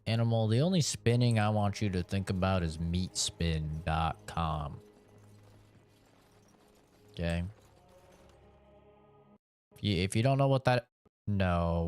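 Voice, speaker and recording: A man's voice: low voice, animated, slow, long pauses, a little mellow, clear, resonant tone. A man live streaming video games, chatting casually in a rambling, profane way. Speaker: game streamer.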